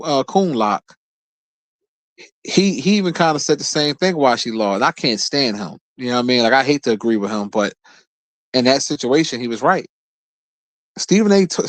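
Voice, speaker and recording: A man's voice: a little high, no echo. A man streaming casual commentary, blunt and profane, who often stumbles and repeats words at the start of his sentences. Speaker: streamer host.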